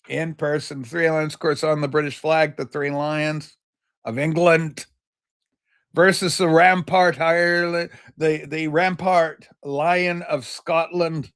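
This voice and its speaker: Chatty man hosting a livestream, higher voice. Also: steady tone, slow, fairly bright tone, clean tone. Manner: rambling, reads chat comments aloud and greets viewers; loose and chatty, with many fillers and restarts. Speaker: livestream host. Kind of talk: casual livestream chat.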